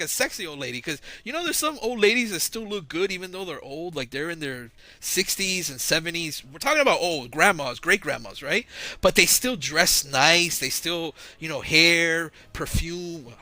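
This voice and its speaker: Speaking into a close mic with no echo, this channel host spins a rambling, slangy story in an audio-only recording. He sounds a little high and bright, forceful, with lively intonation at a moderate pace.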